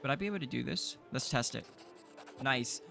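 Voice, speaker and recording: A man's voice: medium pitch, expressive, very fast, creaky, sharp tone. A man hosting a gaming channel, thinking aloud in casual commentary. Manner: thinks aloud, chatty with fillers. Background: faint game music.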